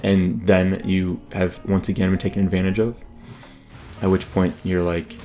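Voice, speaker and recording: Low-voiced man chatting over gameplay. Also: flat delivery, normal speed. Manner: rambling, many ums and restarts. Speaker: gaming YouTuber. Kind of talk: casual let's play commentary. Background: soft background music.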